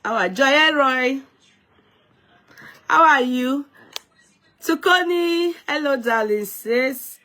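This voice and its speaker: A woman's voice: high voice, animated, slow pace, long pauses, bright, forceful tone. A Nigerian woman hosts a live stream off the cuff. She talks emphatically and lectures her viewers, often repeating and restarting her words. She greets people one by one by name. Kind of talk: unscripted live-stream commentary.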